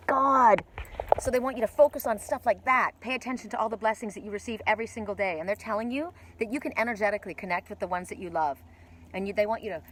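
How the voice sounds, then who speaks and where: Woman, oracle card reader, excitable, gasping exclamations, outdoors, phone recording, faint hiss. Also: medium pitch. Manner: excitable, breaks into gasps and exclamations. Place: outdoors by water.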